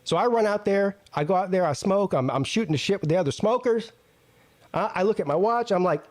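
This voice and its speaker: A man hosting a talk show, telling a casual story in an animated, profane way and acting out both sides of an argument. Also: high voice, a little fast. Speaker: host.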